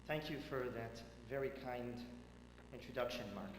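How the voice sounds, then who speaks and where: A man, a rabbi, giving a tribute speech at a banquet, telling stories with dramatic swings between loud and hushed delivery. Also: medium pitch, moderate pace. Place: large banquet hall. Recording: echoey hall with faint hum.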